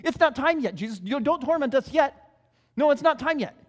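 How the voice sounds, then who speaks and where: A man voicing a group of frightened male demons who plead and bargain in a rapid, whiny way, with a long hall reverb. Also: very high voice, lively intonation.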